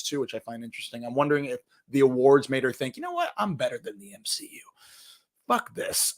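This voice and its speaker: A man's voice: medium pitch, fairly bright tone. A young man hosting a casual entertainment news show, rambling and joking, cursing now and then and trailing off into mumbles. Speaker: podcast host.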